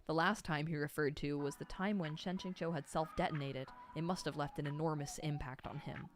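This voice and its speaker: A woman's voice: low-pitched, steady tone, a little fast, faint music behind. A woman reading a novel aloud expressively and breaking off for emotional asides. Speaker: novel reader.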